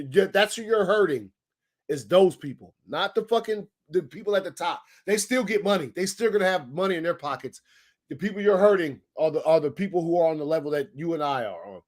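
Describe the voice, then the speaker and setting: A young man hosting a casual daily live stream, talking excitedly in slang and greeting viewers in the chat. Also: fairly high pitch.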